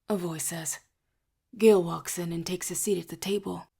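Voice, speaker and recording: Soft-spoken woman reading an audiobook. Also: on the low side, fairly even intonation, normal speed, creaky, husky. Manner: soft, hushed reading, often near a whisper. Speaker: audiobook reader. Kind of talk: first-person audiobook narration.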